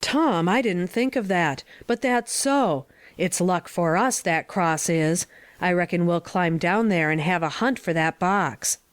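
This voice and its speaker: A woman's voice: lowish voice, unhurried, natural voice. A woman voicing a wary, superstitious ragged boy in a drama, with a hesitant, drawling way of talking. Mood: uneasy.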